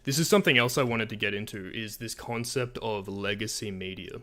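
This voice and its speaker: A man, not from America, giving halting commentary on a video, full of fillers and restarts. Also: on the low side, fairly bright tone. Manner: hesitant, many fillers and restarts. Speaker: commentary channel host.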